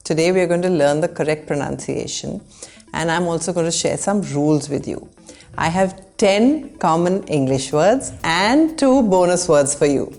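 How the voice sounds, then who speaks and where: A woman presenting a pronunciation lesson, saying each model word slowly and carefully. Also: fairly low pitch, a little mellow. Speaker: English pronunciation teacher. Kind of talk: scripted lesson to camera.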